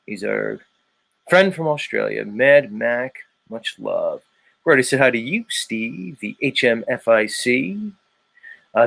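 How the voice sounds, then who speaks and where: A man with a South Philadelphia accent hosting a live stream, chatting casually with viewers in a playful way, swinging his pitch and volume and drawing out words. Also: gravelly, a bit bright, dry recording. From United States. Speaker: live show host.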